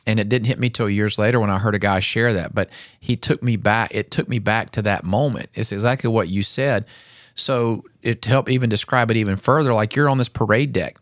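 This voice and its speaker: A middle-aged man co-hosting a casual talk show, telling stories with animated energy and acting out voices. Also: lowish voice, fairly quick, no room sound, studio quality. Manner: animated storyteller, acts out drill instructors. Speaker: podcast co-host. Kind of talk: casual chat.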